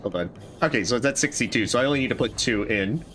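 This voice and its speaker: Brief: male streamer, casual gameplay talk, lively varied pitch, mulling decisions aloud. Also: quick pace, a little hiss or hum. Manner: thinking aloud, musing over choices. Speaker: streamer playing a game.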